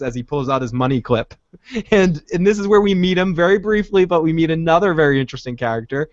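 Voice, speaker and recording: Man, slightly high voice, lively co-host who acts out lines, dry dull lo-fi audio. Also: quick pace, dry recording. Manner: animated, acts out quotes, laughs often. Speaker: podcast co-host. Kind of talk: casual recap chat.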